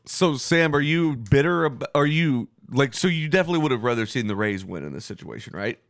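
A man in the middle pitch range hosting a casual podcast, joking and blunt, cursing freely. The sound is close and dry, with no room around it. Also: lively intonation, a little fast, no echo. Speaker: podcast host.

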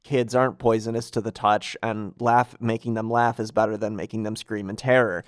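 A man's voice: fairly low pitch, flat delivery, normal speed, no echo, studio quality. A man co-hosting a casual chat recapping a game, explaining the story with plenty of ums and wry asides. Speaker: podcast co-host.

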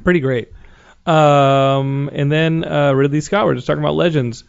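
Man, podcast host, gravelly, fairly high voice, excitable, casual chat, dull lo-fi audio. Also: moderate pace. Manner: excitable, animated storyteller. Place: Southern California.

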